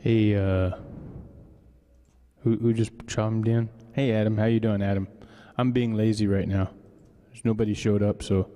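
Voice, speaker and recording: Low, rambling jokey man live streaming. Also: level tone, measured pace, warm tone, long reverb tail. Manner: rambling, jokey, tacks on a mock-Canadian "eh". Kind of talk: casual live stream chat. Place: home studio.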